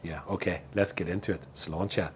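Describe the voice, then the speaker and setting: A man's voice: low voice, fairly even intonation, fairly quick, slight background noise. A middle-aged man with a Northern Irish accent, chatting casually and laughing as he reviews a beer outdoors in his backyard. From Northern Ireland.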